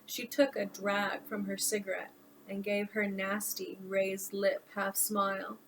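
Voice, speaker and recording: A woman's voice: medium pitch, level tone, unhurried, slight background noise, low-quality recording. A woman author narrating her own audiobook in an informal storytelling manner.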